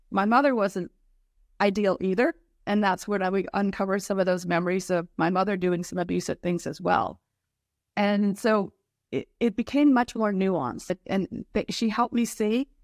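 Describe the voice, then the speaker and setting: A middle-aged woman speaks as a podcast guest in an earnest, open way. She keeps breaking into quick acted-out versions of her own past reactions. Her voice sits in an ordinary middle range and sounds close and dry, with no room around it. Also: medium pitch, dry recording. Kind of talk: candid personal storytelling.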